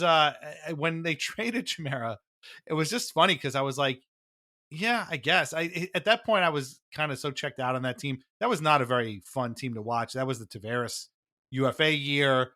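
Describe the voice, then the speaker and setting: A male podcast host chats casually about hockey and laughs easily. His voice is bright and forceful, and his tone is wry. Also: mid-range voice. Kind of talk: casual chat.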